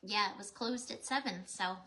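A woman chatting casually with friends, agreeable and quick to laugh. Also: medium pitch, very noisy. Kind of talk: casual chat.

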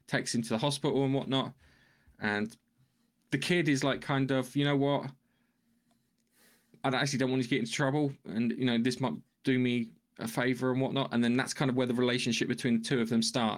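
A man co-hosting a podcast, retelling a film plot in a loose, rambling way, hunting for words and swearing casually. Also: mid-range voice. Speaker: podcast co-host. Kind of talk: casual film review chat.

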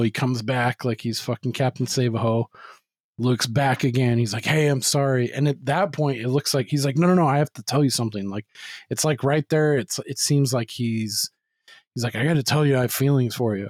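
A man's voice: mid-range voice, no room sound. Profane, rambling podcast co-host, man. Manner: profane, rambling recap with acted quotes. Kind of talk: casual movie-review chat.

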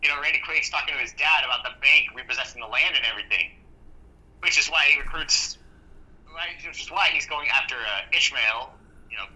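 A man co-hosting a casual movie chat, laughing often and retelling scenes with halting fillers. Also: medium pitch, sharp tone, poor audio. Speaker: podcast co-host.

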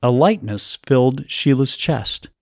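A man narrates an audiobook with an expressive, storytelling delivery. His pitch is medium and his pace a little slow, and the studio-quality recording has no echo.

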